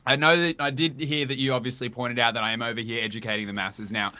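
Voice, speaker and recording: Bright-voiced man, animated. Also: medium pitch, quick pace. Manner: animated, self-mocking storytelling. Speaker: guest. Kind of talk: casual chat.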